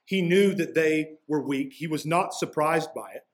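A man's voice: a little high, moderate pace. A man preaching a sermon as pastor, walking through a passage in a casual, conversational way with slangy asides.

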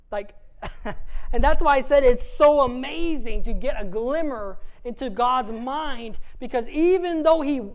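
A woman's voice: a little high, rough recording. A woman giving a conversational sermon as a guest preacher, emphatic and casual, often asking the audience rhetorical questions.

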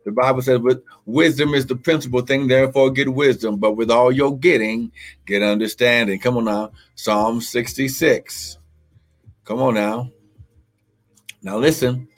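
A man's voice: medium pitch, fairly even intonation, a little slow, faint music behind. A man preaching a live-streamed sermon, with fervent repetition, calls of glory and speaking in tongues, greeting online viewers by name.

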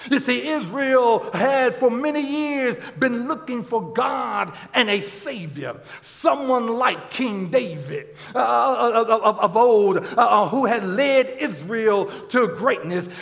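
Man, pastor, very high voice, halting repeated fillers, shouted emphasis, long church-hall reverb. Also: expressive, gravelly. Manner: stammering restarts, strings of "uh, uh, uh". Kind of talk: sermon.

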